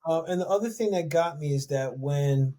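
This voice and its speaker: A man co-hosting a podcast talks loosely in a casual conversation, full of fillers and restarts. His voice sits on the high side with a dark tone, at normal speed.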